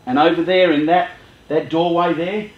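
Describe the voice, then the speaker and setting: A man doing a calm, reassuring rich young man. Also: moderate pace, echoey room, dull audio, close to an everyday voice. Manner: calm and soothing, a bit lower and softer. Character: kind, reassuring young man from a wealthy family.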